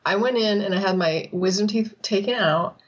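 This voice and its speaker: The Texas co-host is back, animatedly recounting stories, frequently laughing and voicing other people's lines in a casual chat. Her voice is mid-range at an ordinary speed, and the lo-fi recording is a little dull.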